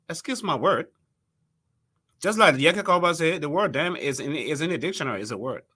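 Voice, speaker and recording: A high-pitched man delivers political commentary. His voice is bright and sharp, and his pitch leaps around. He drops to low mutters, then climbs to shouts. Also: animated, normal speed, slightly rough. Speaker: political talk show host.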